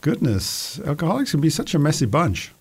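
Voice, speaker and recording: Prissy, squeamish man played by the host, fussy exclamations, soft-spoken. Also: fairly high pitch, huge pitch swings, fairly quick, breathy edge, heavily acted. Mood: prim. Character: prim, squeamish male newcomer. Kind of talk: rehearsed scene reading.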